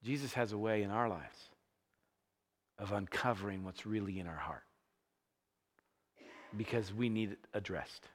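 A man preaching a sermon, telling a Bible story in a conversational, animated way. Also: lowish voice, unhurried, pauses often, long reverb tail. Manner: animated storytelling, acting out scenes with rising energy. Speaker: pastor.

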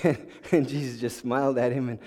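A man's voice: medium pitch, steady tone, fairly quick, darkish tone. A man telling a story as a sermon, chuckling and often repeating words while searching for them. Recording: long hall reverb.

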